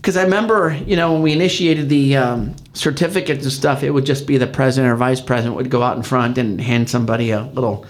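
A man's voice: mid-range voice, quick pace, few pauses. Rambling older Midwestern man. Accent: Midwestern American. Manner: rambling, many restarts, animated retelling. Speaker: podcast co-host, county council member. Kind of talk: casual chat.

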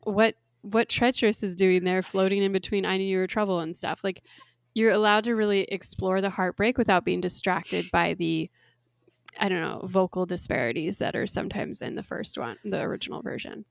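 A young woman talks in a relaxed, filler-laden way as a podcast co-host. Her voice carries a gravelly fry. The recording is dry and close. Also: mid-range voice, brisk, no room sound. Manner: chatty, lots of "like" fillers. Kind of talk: casual chat.

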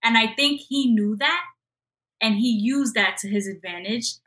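A woman in a casual chat about a novel, calmly analyzing the characters' motives. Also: fairly high pitch, unhurried. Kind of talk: casual book discussion.

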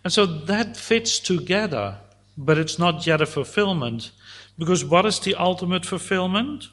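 A man preaching a sermon, teaching slowly and deliberately through a psalm and voicing God's words at times. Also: sits high, expressive, a bit bright.

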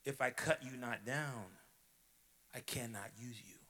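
A man voicing a grave, loving master of a garden, speaking slowly and quietly. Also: mid-range voice, in a large hall. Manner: slow, solemn, quiet.

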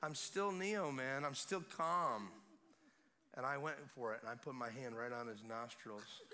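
A man preaching at a revival service, telling a story with swings between hushed quiet and loud excitement. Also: mid-range voice, a little slow, noisy background. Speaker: guest preacher. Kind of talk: sermon testimony. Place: church service.

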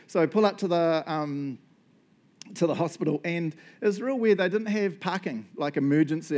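Animated New pastor, somewhat high voice. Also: male voice, fairly quick. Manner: animated, acts out quotes, frequent "right?" and "um". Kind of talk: storytelling sermon.

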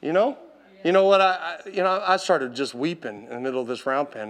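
A man preaching from the pulpit with a high voice and a bright, forceful edge. He tells his story in an animated way, laughing and calling out to the listeners as he goes. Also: a little fast. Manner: animated, laughing, calls out to the congregation. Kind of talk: storytelling sermon.

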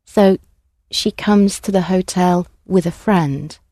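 A woman language teacher who talks her class through each sentence with clear, patient prompts. Her voice sits slightly low and sounds mellow, and the recording is dry and close. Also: slow pace, no room sound. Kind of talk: classroom instruction.

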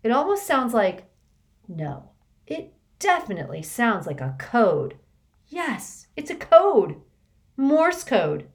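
A woman's voice: medium pitch, huge pitch swings, measured pace. A woman voicing a haughty, scheming teenage girl enforcer who sneers and snarls at the children.

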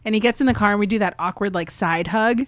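A young woman telling a story in casual chat, animated and quick in bursts, laughing often. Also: medium pitch, no room sound.

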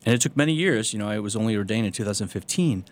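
A man's voice: fairly low pitch, animated, rapid-fire, a little hiss or hum. A man, a Catholic priest, telling his personal faith testimony with earnest storytelling and self-deprecating humor.

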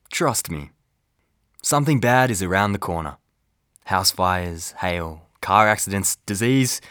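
A man's voice: lowish voice, a bit bright, heavily acted. A man impersonating a cheesy male celebrity athlete selling products in a comedic ad parody. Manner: salesy, goofy, laughs at himself.

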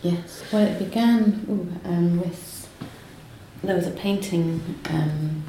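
A low, mellow-voiced woman speaks hesitantly, stopping and restarting as she explains her work, then reads poetry aloud. The room is strongly echoey, with faint noise behind her. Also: slow. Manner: hesitant, lots of ums and restarts when talking. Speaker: poet guest. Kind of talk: conversational interview and poetry reading. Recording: roomy echo, faint noise.

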